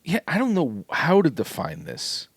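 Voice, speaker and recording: A playful man co-hosting a podcast, his voice fairly high and full of swoops. The sound is dry and close, with no room around it. He talks in an easygoing, joking way. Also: wildly swooping pitch, moderate pace, breathy edge, no room sound. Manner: playful, easygoing, laughs often. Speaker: podcast co-host. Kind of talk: casual chat.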